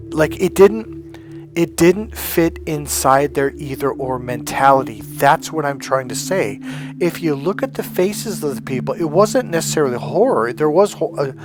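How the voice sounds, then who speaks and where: A man giving a blunt, emphatic motivational monologue as a life coach, often acting out the voices he quotes. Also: on the high side.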